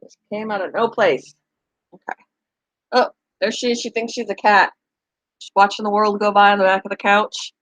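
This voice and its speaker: A woman's voice: medium pitch, steady tone, moderate pace, fairly bright tone, no echo, rough recording. A middle-aged woman chatting casually to her viewers about her pets, now and then cooing at her dog. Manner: chatty, talks to her dog in a sing-song voice. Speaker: pet vlogger. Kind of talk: casual chat to camera.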